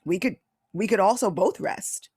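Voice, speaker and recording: A woman voicing a young male god as a caring friend, speaking in a soft, comforting, easygoing way. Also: medium pitch, normal speed, husky, no echo, studio quality. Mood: reassuring. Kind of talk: quoted storytelling in a spiritual talk.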